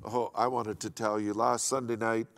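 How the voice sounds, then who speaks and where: A man's voice: fairly low pitch, little pitch movement, normal speed, a bit bright. A middle-aged man preaching a sermon in an earnest, emphatic way, often repeating key phrases and restarting his sentences. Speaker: pastor.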